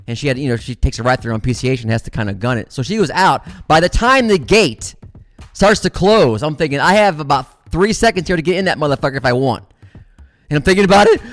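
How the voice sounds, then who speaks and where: A middle-aged man, a comedian host, telling a long story in a casual, animated and profane way. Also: fairly high pitch, no room sound.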